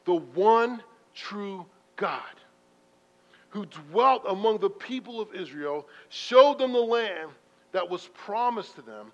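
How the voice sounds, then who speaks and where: High-voiced man preaching in a reverberant church. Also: lively intonation, takes it slowly. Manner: conversational, self-deprecating storytelling with sudden loud bursts. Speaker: pastor. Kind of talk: sermon. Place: church sanctuary. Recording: muffled reverberant hall recording.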